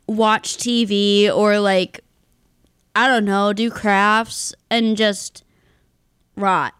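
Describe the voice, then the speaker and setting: A young woman radio host chats away in a loose, rambling way, full of fillers and little laughs. Her voice sits a little high and sounds smooth and clear. It is close and dry, as if right at a studio mic. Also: a bit bright, no echo. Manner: chatty, rambling, laughs often, many likes. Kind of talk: casual radio chat.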